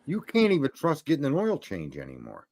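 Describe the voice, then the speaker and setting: A man's voice: mid-range voice, huge pitch swings, a little fast, creaky, darkish tone. A man hosting a live stream, chatting and telling stories in a blunt, profane, rambling way. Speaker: stream host. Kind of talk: casual chat.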